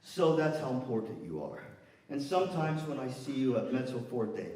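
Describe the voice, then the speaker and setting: A man giving a lively, chatty lecture to music educators, often asking the audience questions. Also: mid-range voice, normal speed. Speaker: guest speaker for music educators. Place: large echoey lecture room. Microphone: distant from the microphone. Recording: echoey room from far off.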